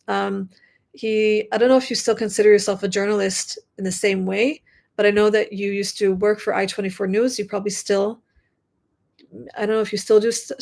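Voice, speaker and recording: A woman hosting a relaxed live stream from her home at night, talking into her computer mic. Her voice has a gravelly, fry-tinged edge, and she rambles along in a chatty way, filling gaps with likes and ums. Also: medium pitch. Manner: chatty, rambling, many fillers. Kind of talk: casual live stream chat.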